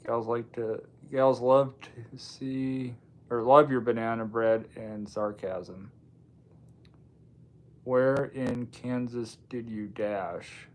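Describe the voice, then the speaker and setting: A man hosting a relaxed livestream, chatting loosely and answering viewers with dry little asides. His voice sits at an ordinary middle pitch and he talks straight into a home streaming mic. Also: slow pace. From Washington State, US. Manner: loose and offhand, with frequent ums and dry asides. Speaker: livestream host. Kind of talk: casual live chat reading viewer comments.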